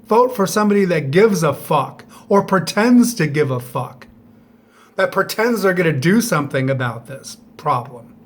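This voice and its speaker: This high-pitched, middle-aged vlogger faces the camera and vents in a profane, bitter monologue, rattling off sharp rhetorical questions.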